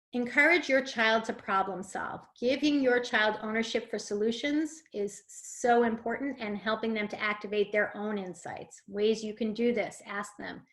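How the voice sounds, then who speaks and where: A woman's voice: medium pitch, unhurried, a bit bright. A woman presenting a parenting webinar, explaining things with fillers and acting out example phrases. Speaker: parent coach.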